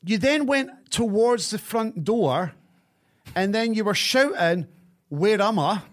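A man's voice: high voice, expressive, slow. A Scottish man hosting a casual chat, teasing his co-host and launching into rants. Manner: mocking, retelling with rants. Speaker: podcast host.

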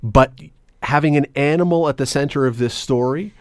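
A man's voice: medium pitch, clear, resonant tone, no echo, studio quality. A middle-aged man hosting a radio talk show, opinionated and joking in casual banter. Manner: opinionated, wry, quick to joke. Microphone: studio microphone.

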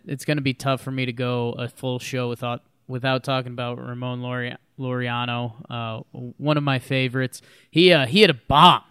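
A man's voice: medium pitch, bright, forceful tone, clear, resonant tone, no echo, studio quality. A man co-hosting a casual sports podcast, chatty and laughing between lines as he talks about players. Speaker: podcast co-host.

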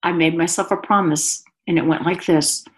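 A woman's voice: on the low side, fairly even intonation, moderate pace. A woman guest giving an earnest, emotional personal testimony in conversation, a mother speaking about her life. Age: adult mother.

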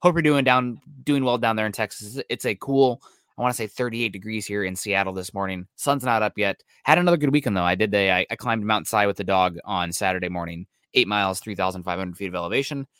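A man co-hosting a sports podcast, talking football in a quick, analytical way with frequent fillers. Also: on the low side, fairly bright tone, clear, resonant tone, no echo, clean studio sound. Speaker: podcast co-host. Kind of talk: casual sports talk. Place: Seattle area.

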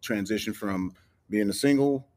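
A man's voice: fairly low pitch, moderate pace, warm tone. A man, a former ballplayer co-hosting, talking in a laid-back way with casual slang and frequent laughs. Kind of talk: casual chat.

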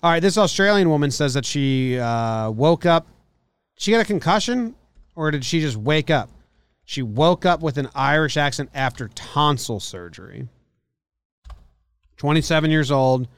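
A man's voice: a little high, lively intonation, normal speed, smooth, no echo. A man co-hosting a podcast, reading out an odd news story in a skeptical, wry way. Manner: skeptical, wry, reads news items aloud. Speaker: podcast co-host. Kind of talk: casual chat.

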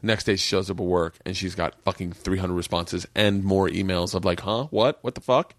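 A man's voice: low-pitched, a little fast, no echo. Male podcast host, forties, rowdy storyteller, dry close sound. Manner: animated storyteller, jumps into impressions, swears a lot. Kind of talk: casual chat.

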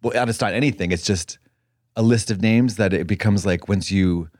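A man co-hosting a podcast in casual chat, campy and rambling, telling stories with drawn-out quotes. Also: fairly low pitch, a little mellow, no echo, clean studio sound. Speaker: podcast co-host.

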